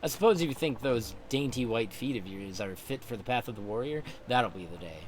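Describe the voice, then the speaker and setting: A man's voice: medium pitch, lively intonation, brisk, slight background noise, natural voice. A man doing a sneering old samurai bully. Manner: gruff, sneering, blustering.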